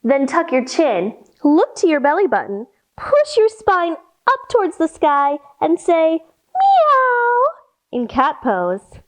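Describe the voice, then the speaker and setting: Woman leading a children's yoga storytime; high, bouncy voice, unhurried and playful. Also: big pitch swings. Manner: slow, playful sing-song instructions to children. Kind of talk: guiding a kids' yoga storytime.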